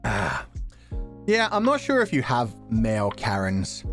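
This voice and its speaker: Animated, laughing male streamer. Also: fairly low pitch, measured pace, soft background music. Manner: animated, laughs often, jokey. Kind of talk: casual livestream chat.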